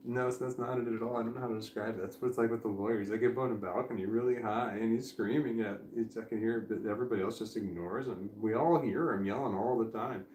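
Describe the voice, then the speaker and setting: A drowsy man talks candidly on a live stream from his home, drifting from thought to thought. He swears freely and laughs between his ideas, his voice sitting at an ordinary middle pitch. The room around him adds a noticeable echo. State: drowsy and foggy. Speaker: vlogger. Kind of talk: rambling live stream monologue. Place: indoors at home.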